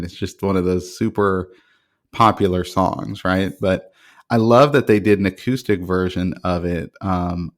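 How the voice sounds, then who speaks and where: Deep-voiced male podcast host. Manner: relaxed, chatty, with fillers. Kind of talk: casual podcast chat.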